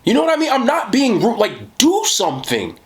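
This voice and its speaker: A man's voice: fairly quick, a crowd in the background. A young man rambling in casual talk while eating on camera, swearing and saying "bro" a lot. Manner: animated, swings from low mutter to high laughing jabs. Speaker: mukbang creator.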